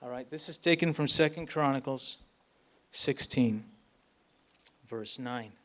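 Unhurried, with a medium-pitched, slightly bright voice, a man preaches informally at a church event. He tells a story, peppering it with "like" and "right?" and checking in with listeners along the way.

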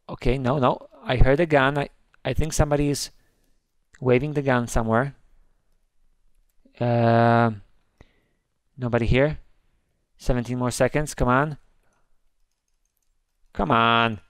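A man hosting a gaming video, commenting on his play with excitable, jumpy reactions. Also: medium pitch, clear, resonant tone, no echo. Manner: jumpy, gasping and squealing when scared.

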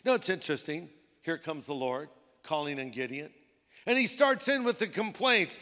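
Male pastor, high voice, casual storytelling sermon in a reverberant auditorium. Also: a little fast, a bit bright. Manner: conversational preaching with playful put-on voices. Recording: long hall reverb.

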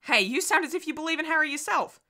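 A woman's voice: high voice, lively intonation, quick pace, sharp tone, pitched above the performer's own voice. A woman reading the lines of an adult man, a protective husband who teases but turns stern and emphatic. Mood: teasing. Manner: firm, emphatic.

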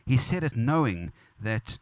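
A pastor with a medium-pitched, sing-song voice preaches a funeral sermon at an unhurried pace in a church or funeral venue, captured in a dry recording. He is earnest and repetitive, building emphasis as he goes.

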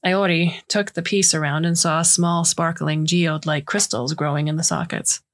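A woman narrating a science fiction story in a measured, scripted way. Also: low-pitched, steady tone.

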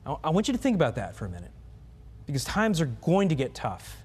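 A man preaching a sermon as pastor, animated and asking the congregation questions. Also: on the high side, quick pace, husky. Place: church sanctuary. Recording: long reverb of a church hall.

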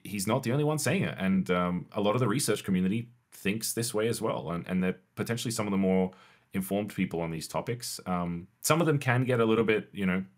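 A man with a very low voice co-hosts a casual tech podcast. He talks loosely, restarts his sentences and laughs often. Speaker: podcast co-host.

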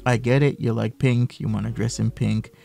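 A man's voice: mid-range voice, flat delivery, moderate pace, creaky, warm tone, faint music behind. A man hosting a reaction commentary video, mocking and full of rhetorical questions. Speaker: commentary YouTuber.

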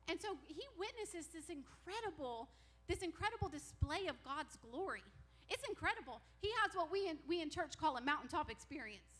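A woman pastor preaching a sermon, retelling a Bible story in an animated way and acting out the characters' lines. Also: high-pitched, normal speed. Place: church sanctuary.

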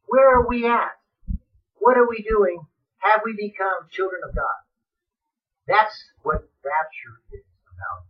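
A man preaching a fiery sermon on the radio, swinging from shouted pleas to hushed, dramatic asides. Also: high voice, measured pace, pauses often, distant mic, highs cut off.

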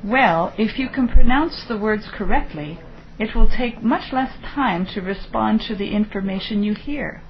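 A woman's voice: medium pitch, lively intonation, moderate pace. A woman speaking her lines in a scripted textbook dialogue, read with care. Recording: dull tape playback with faint hiss.

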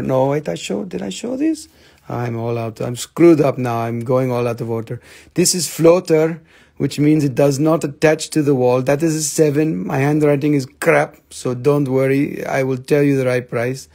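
A man's voice: medium pitch, vocal fry, dark tone. A man hosting a live crystal sales stream, joking around and switching into playful broken-English banter.

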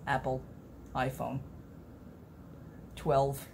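A woman's voice: very deep voice, completely flat delivery, drawn-out words, creaky, a little mellow, slight background noise. A middle-aged woman, chatting to camera in a rambling, earnest way as a vlogger. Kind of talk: casual chat to camera.

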